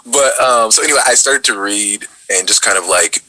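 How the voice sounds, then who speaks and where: A man in his twenties from Texas, a voice actor chatting casually on a video call as he tells his story in a relaxed, lively way. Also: lowish voice, moderate pace, dry recording, poor audio. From Dallas, Texas. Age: 20s. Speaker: voice actor guest.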